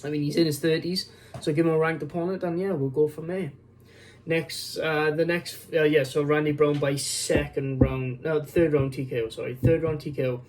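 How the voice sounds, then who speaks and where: A man's voice: a little high, steady tone, brisk, a little mellow, a little hiss or hum. A tired man hosting his own channel, giving rambling casual fight predictions with many fillers and restarts. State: tired, yawning. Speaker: MMA prediction channel host.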